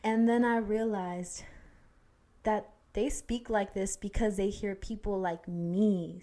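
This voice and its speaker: A young woman co-hosting a podcast in easy, casual chat. She tells a personal story candidly, with plenty of fillers and restarts along the way. Her voice sits at an ordinary middle pitch. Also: fairly even intonation, measured pace, warm tone. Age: young adult. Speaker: podcast co-host.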